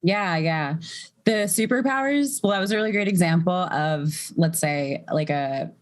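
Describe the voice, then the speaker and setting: A woman sex coach, a podcast guest, explaining things in a relaxed, flowing way full of "like" and "you know". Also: lowish voice, a little slow. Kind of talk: casual podcast interview.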